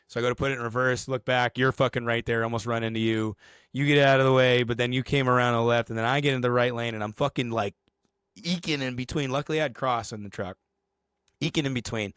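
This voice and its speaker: A man co-hosting a podcast, telling a story in casual, profane, animated fashion. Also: medium pitch, fast talker, no room sound. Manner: animated, profane storytelling with shouted acted quotes. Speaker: podcast co-host.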